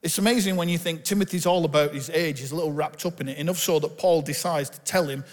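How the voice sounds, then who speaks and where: A man's voice: a little high, steady tone, quick pace, long reverb tail. A man with a northern English accent from Bolton, preaching a candid, conversational sermon with self-deprecating stories. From Bolton, England. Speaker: pastor.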